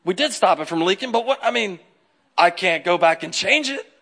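High, bright-voiced male preacher. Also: expressive, moderate pace. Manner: joking, talks straight to the congregation. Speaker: pastor. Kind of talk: humorous conversational sermon.

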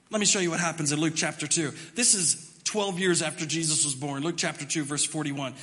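A pastor delivers a sermon in a bright, high voice, animated and storytelling as he acts out little voices. The sound carries a long church reverb around him. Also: fairly quick, few pauses. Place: church sanctuary.

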